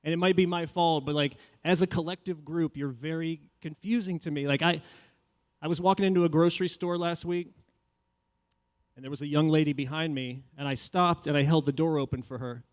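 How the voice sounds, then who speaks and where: A man doing animated stand-up comedy as host of a live show on a handheld mic. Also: fairly quick. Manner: animated, jumps to high shouts in quoted asides.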